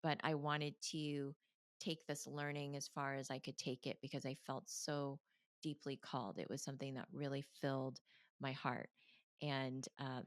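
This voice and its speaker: A woman, a meditation coach, candidly telling her story in an interview, animated, laughing often and acting out her past self. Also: very deep voice, no room sound, studio quality.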